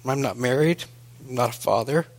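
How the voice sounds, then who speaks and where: A man voicing a calm, self-sacrificing old priest. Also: medium pitch, moderate pace, natural voice. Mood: earnest.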